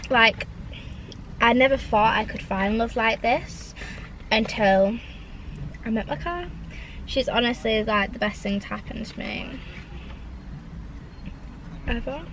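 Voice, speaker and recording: A woman's voice: a little high, slow, long pauses, background noise. A young woman chatting casually in her parked car, rambling with lots of "like"s. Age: young adult. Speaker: vlogger. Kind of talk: casual chat.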